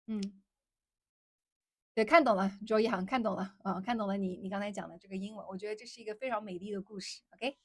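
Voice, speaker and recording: A woman's voice: mid-range voice, quick pace, fairly bright tone, no room sound. Chinese woman streamer, repeating her phrases in a dry voice. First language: Mandarin Chinese. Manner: repeats her phrases, switches between English and Mandarin. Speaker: livestream host. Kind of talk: casual livestream chat answering viewers.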